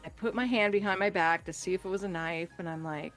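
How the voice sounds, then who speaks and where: A woman casually telling a true scary story on a podcast, animated and acting out the voices in it. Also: lowish voice, quick pace, faint music behind. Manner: animated, acts out voices in her stories, laughs often. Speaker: guest storyteller.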